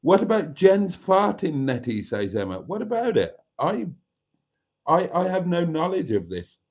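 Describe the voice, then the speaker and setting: A man's voice: on the high side, sing-song, unhurried, darkish tone. A man hosting a live stream, reading out viewer comments with wry, self-mocking asides. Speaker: channel host.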